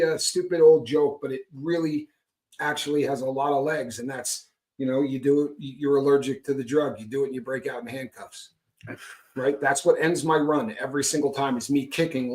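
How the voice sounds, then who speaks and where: A middle-aged man talking frankly about recovery, emphatic and prone to tagging points with "right?". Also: medium pitch. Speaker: guest speaker on recovery. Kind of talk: candid conversational talk.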